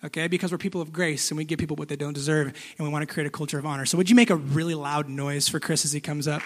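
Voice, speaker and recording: A man's voice: on the high side, steady tone, rapid-fire, a little hiss or hum. A man serving as pastor, speaking earnestly to his church and introducing a guest speaker, with frequent restarts. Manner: earnest, many filler restarts. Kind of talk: sermon. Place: church hall.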